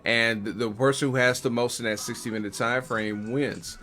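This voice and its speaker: With a mid-range, steady voice that is bright and forceful, this co-host from Missouri talks at normal speed. He rambles casually through explanations of pro wrestling, leaning heavily on fillers like "like" and "um."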